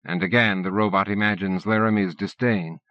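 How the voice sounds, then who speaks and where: A man reading an audiobook in a steady, measured narration. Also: on the low side, no echo. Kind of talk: scripted narration. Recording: dull dry cassette-era audiobook recording.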